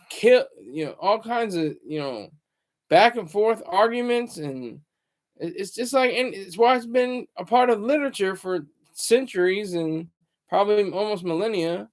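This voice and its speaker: A man hosting his own channel, talking in a loose, rambling monologue full of fillers and restarts. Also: high voice. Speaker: channel host.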